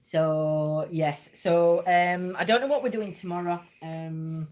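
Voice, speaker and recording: A woman's voice: on the low side, slow, darkish tone. Woman hosting a casual livestream, rambling and giggly. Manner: chatty and rambling, laughs often. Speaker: livestream host. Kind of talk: casual chat.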